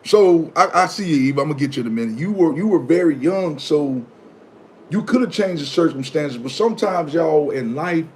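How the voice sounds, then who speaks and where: Middle-aged male vlogger, AAVE, chatty advice giver, animated, slightly high voice, light noise. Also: moderate pace. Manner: animated, acts out his own past reactions in high yelps. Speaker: vlogger reading viewer comments. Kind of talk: casual motivational talk.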